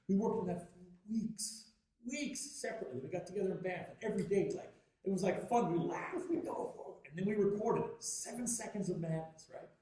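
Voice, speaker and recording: A Canadian man giving a lively, jokey workshop talk on music and practice, telling stories and acting out voices. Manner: animated, jokey, acts out voices with big pitch jumps. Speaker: guest teacher at a music workshop. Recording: very echoey hall, distant mic.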